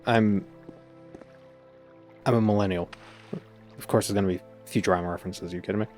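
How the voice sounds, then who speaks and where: A man's voice: lowish voice, fairly even intonation, a little fast, darkish tone, faint music behind. A man in his thirties streaming a game, chatting casually and joking with his chat. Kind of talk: casual gameplay commentary.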